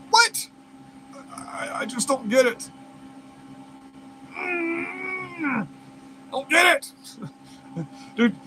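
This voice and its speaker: A man's voice: sits high, pushed and bright, a little hiss or hum, low-quality recording. A man reads news aloud and breaks off into heated, profane, incredulous rants as a commentary host. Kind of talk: reading news aloud and ranting over it.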